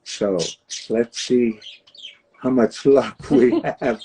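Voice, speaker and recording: A man in his nineties hosts a relaxed live chat, laughing often between stories. He talks slowly, with a mellow, dark tone. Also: high-pitched, slight background noise, poor audio. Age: 90s. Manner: chatty, laughs often, storytelling. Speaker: host. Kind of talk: casual livestream chat.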